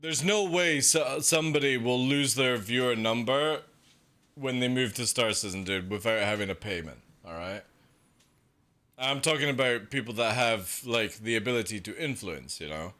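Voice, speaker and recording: A young man streaming a game, ranting casually and profanely, and mocking others in quick put-on voices. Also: mid-range voice, pushed and bright. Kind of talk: casual live-stream rant.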